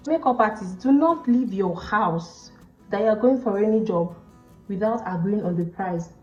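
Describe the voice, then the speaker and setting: A young Nigerian woman vlogger telling stories about her work as a makeup artist, with a Nigerian accent and an animated manner, acting out the people in her stories. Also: medium pitch, moderate pace. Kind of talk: storytelling chat to camera. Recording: roomy, slightly dull sound with faint music behind.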